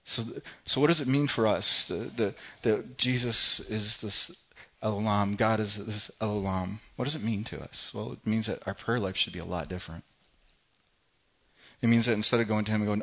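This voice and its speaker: A man preaching a sermon as pastor, swinging from loud, forceful scripture reading to soft, hushed lines. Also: lowish voice, moderate pace, lo-fi sound. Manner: impassioned, rising loud when reading scripture, then dropping soft.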